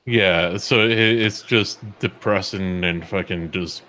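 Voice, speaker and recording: Deep-voiced laid-back man, faint noise. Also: slow pace, sharp tone. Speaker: podcast co-host. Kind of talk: casual chat.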